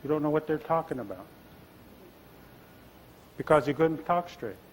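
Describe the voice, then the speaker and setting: A Nez Perce man from the US Pacific Northwest telling creation legends in a relaxed, conversational way at a stage microphone. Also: fairly high pitch, normal speed, a little hiss or hum, low-quality recording. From Nez Perce homeland, US Pacific Northwest. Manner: relaxed, conversational, asides to listeners. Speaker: tribal storyteller. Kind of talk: oral storytelling.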